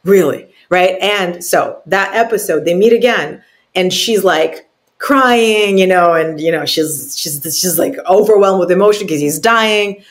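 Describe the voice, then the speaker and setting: A woman appearing as a guest on an interview podcast tells a heartfelt story at an unhurried pace. She's very expressive, often checks in with "right?", and acts out quotes with big leaps in pitch.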